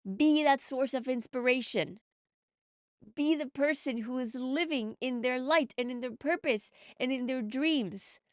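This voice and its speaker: A woman's voice: sits high, a little slow, no echo, studio quality. A woman podcast host and mindset coach, talking earnestly and encouragingly to her listeners in a motivational monologue. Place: home recording setup in the UK.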